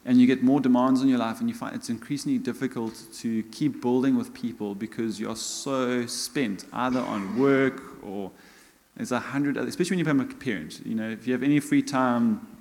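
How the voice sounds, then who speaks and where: A middle-aged South African man preaching a sermon as a church elder, conversational and self-mocking in his humor. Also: medium pitch. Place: church hall. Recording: long church hall reverb.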